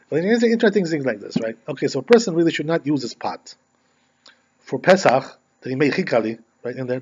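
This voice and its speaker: A male rabbi giving a conversational lesson on religious law and telling stories, often checking in with "right?". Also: fairly high pitch. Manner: conversational, frequent "right?" tag questions. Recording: dull lo-fi recording.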